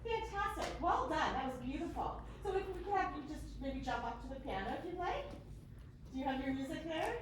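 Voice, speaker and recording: A woman's voice: high-pitched, expressive, a little fast, background noise. A woman leading a choir workshop, encouraging the singers and demonstrating vowels by singing them. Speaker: choir clinician. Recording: echoey hall from far off.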